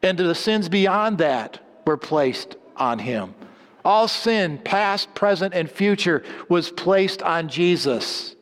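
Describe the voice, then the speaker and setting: Guy preaching a sermon, bit high voice, lots of long hall echo, goes loud then drops real quiet. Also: animated, slow pace. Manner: dramatic swings between loud emphatic lines and low hushed endings.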